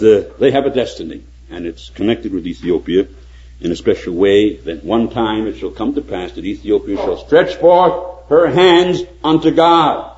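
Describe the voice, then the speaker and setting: Older man, sermon, dramatic storytelling, lively swooping pitch, muffled lo-fi recording. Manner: dramatic storytelling, rising to loud emphatic reading of scripture. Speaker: preacher. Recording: dull lo-fi recording.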